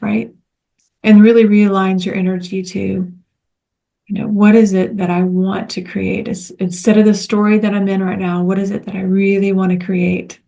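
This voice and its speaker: Soft-spoken woman walking a group thru steps, flat even tone, gentle. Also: mid-range voice, gravelly. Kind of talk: guided teaching talk.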